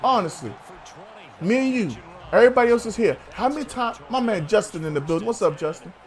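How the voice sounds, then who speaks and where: Animated high-voiced man ranting sports. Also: a little fast. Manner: animated, swearing, calls co-host bruh. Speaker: sports talk host. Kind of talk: heated sports debate.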